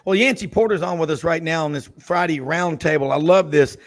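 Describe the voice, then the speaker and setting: Sports radio host, man, gravelly and jokey, rambles into tangents. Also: fairly high pitch, brisk. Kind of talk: casual radio roundtable chat.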